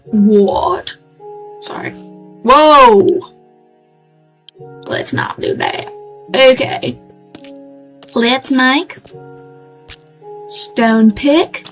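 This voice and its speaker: High-voiced woman in a put-on Southern drawl. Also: drawn-out words, pauses often, soft background music, rough recording. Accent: put-on American Southern drawl. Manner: playful, chatty, talks to herself. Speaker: streamer. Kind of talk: casual let's-play chat.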